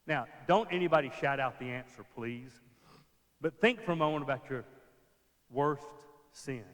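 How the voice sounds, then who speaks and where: A man preaches in a church, acting out little scenes and then dropping to a near whisper to drive a point home. His voice sits a little high for a man. A long reverb trails behind each line. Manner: acts out scenes, drops to a hushed voice for emphasis. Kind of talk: sermon.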